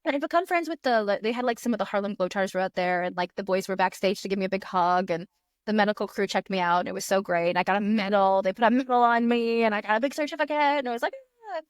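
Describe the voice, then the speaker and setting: A woman in her thirties, a magician guest on a podcast, telling an animated story and acting out her own past thoughts in quick voices. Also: medium pitch, no room sound, studio quality. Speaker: guest magician and fire eater.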